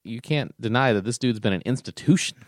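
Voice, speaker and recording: A man's voice: medium pitch, fairly quick, dry recording. Wry man talking sports, dry sound. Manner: wry, rambling, talks in fragments. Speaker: podcast co-host. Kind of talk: casual sports chat.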